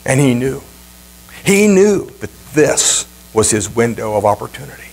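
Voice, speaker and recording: A male pastor preaching a sermon with emphatic, dramatic repetition and swings in pitch. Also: big pitch swings, moderate pace, gravelly, darkish tone, rough recording. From Ohio, USA.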